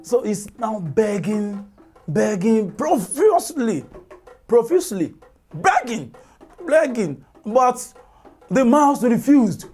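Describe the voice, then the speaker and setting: Woman, storyteller, slow delivery, chatty asides, animated folk tale. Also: a little high, breathy edge, faint music behind.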